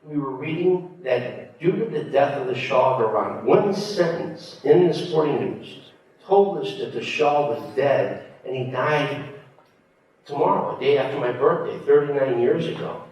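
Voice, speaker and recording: A man's voice: medium pitch, expressive, a little slow, darkish tone, dull audio. A man in his sixties from the United States, telling an audience about being held hostage, in a conversational way with fillers and wry humor. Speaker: speaker recounting his time as a hostage. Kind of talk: storytelling speech to an audience. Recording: echoey hall from far off, faint noise.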